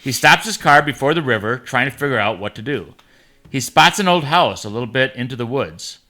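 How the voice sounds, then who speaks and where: A man's voice: mid-range voice, animated, a little fast, pushed and bright. A man co-hosting a casual tasting show, chatting and reading long jokes aloud with small slips. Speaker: podcast co-host. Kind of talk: casual chat and joke reading.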